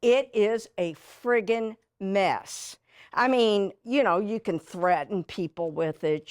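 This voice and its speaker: Slow, lively woman cooking. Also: medium pitch, no room sound, studio quality. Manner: chatty and folksy, jokes while cooking. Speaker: TV cooking show host. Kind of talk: casual cooking demonstration. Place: studio kitchen.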